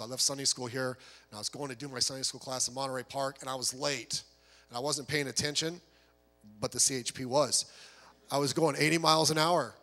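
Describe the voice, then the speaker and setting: A man preaching a sermon as a pastor, telling stories with humor and quick voiced asides. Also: medium pitch, sharp tone, long reverb tail.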